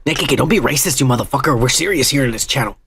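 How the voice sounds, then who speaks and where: Crude, gravelly podcast host man. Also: mid-range voice, animated, racing, a bit bright. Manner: profane, joking, reads comments aloud. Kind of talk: crude casual chat.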